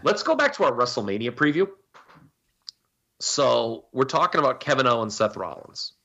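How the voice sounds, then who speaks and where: Lively, bright-voiced opinionated man. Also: medium pitch, moderate pace, highs cut off. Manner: opinionated, emphatic, rambling analysis. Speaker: podcast co-host. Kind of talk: casual wrestling podcast chat.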